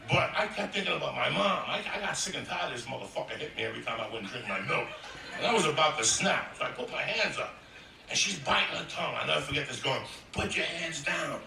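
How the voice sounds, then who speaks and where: A man telling a profane comic story on stage in a brash, loud way, laughing as he goes. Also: on the high side, big pitch swings, fast, creaky, slight background noise. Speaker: stand-up comedian. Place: comedy stage before an audience. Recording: echoey live room, mic at a distance, audience laughter.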